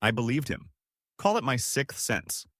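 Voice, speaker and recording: A young man narrating a horror story in a dramatic, expressive way. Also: medium pitch, measured pace, dry recording, studio quality. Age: young adult.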